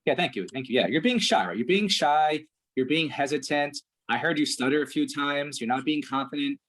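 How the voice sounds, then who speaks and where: A man's voice: on the high side, expressive, brisk, fairly bright tone, slight background noise. A man coaching a client one-on-one, direct and profane, checking in with "right?" again and again. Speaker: performance coach. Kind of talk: blunt one-on-one coaching session.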